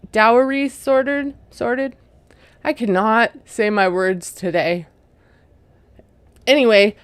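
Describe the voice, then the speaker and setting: A woman with a smooth, mid-range, slightly bright voice chattily recaps a reality TV episode, recorded dry. She retells scenes with plenty of "like" and "you know," laughing with amusement at what she describes.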